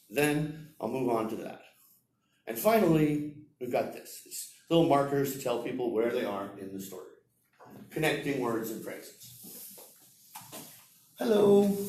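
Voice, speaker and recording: A man teaching English at a seminar, lecturing slowly and demonstrating example sentences aloud. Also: mid-range voice, a little mellow, a little hiss or hum. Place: seminar room. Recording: roomy echo, heard from far off.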